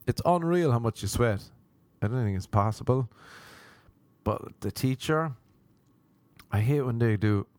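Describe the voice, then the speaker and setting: A man's voice: medium pitch, animated, unhurried, pauses often, darkish tone, no echo. An Irish man telling a rambling, sweary comic story as host of his show. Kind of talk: comic monologue.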